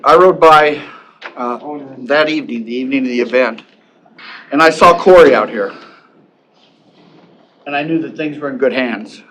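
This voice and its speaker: A man's voice: fairly high pitch, a bit bright, low-quality recording. An older man, a retired deputy sheriff, speaking plainly and matter-of-factly in public comment at a county board meeting.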